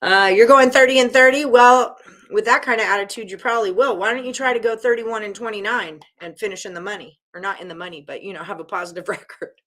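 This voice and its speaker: A woman with a bright, forceful voice at an ordinary pitch hosts a live-stream sports betting show. She chats casually with her viewers, teasing them and rattling off names and scores at an easy clip. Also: fairly even intonation, fast talker.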